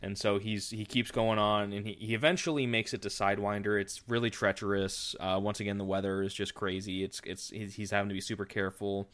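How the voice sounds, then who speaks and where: A man's voice: on the low side, steady tone, brisk, few pauses, a bit bright. A man hosting a podcast, casually retelling a story in a loose, rambling way. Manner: rambling, with frequent fillers and restarts. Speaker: podcast host.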